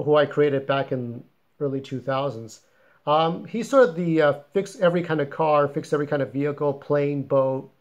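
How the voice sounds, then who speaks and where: A man who writes fiction, casually summarizing the plot of his own story in a rambling, informal, plain-spoken way. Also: mid-range voice.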